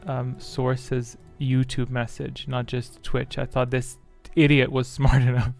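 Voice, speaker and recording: A man hosting a live-stream quiz, muttering to himself and grumbling at his software while he fixes settings. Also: medium pitch, little pitch movement, slow, gravelly, faint music behind. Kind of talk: casual live-stream chat.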